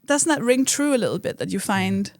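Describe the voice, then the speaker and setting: A woman's voice: medium pitch, lively intonation, fairly quick, a little mellow, dry recording, clean studio sound. A woman comedian from Denmark, chatting casually on a podcast and often laughing while she acts out quotes. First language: Danish. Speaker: comedian guest.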